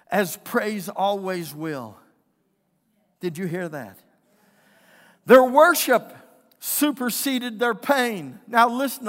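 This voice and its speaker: High-voiced impassioned male preacher, hall echo. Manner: impassioned, builds to shouting. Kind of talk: sermon. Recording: long hall reverb.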